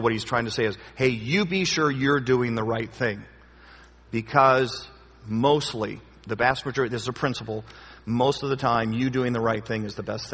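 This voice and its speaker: A man's voice: fairly low pitch, fairly bright tone, husky. A man leading a Bible study question time as pastor, talking in a conversational, joking and emphatic way. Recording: long hall reverb.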